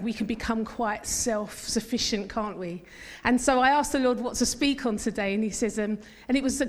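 A woman preaching a sermon as pastor, emphatic, leading the congregation to repeat lines back to her. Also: medium pitch. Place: church hall. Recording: long hall reverb.

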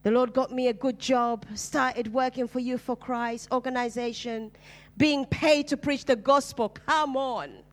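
A woman's voice: high voice, steady tone, unhurried. A woman from Uganda, preaching her personal testimony in an emphatic storytelling manner. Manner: storytelling, acts out dialogue, emphatic.

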